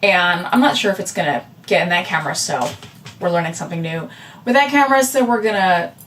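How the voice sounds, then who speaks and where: A woman's voice: on the low side, lively intonation, a little fast, fairly bright tone, recorded from a distance, a little hiss or hum. A woman vlogger and artist talking casually to camera, rambling with lots of fillers and asides. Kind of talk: casual chatty vlog. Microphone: camera with a separate audio backup.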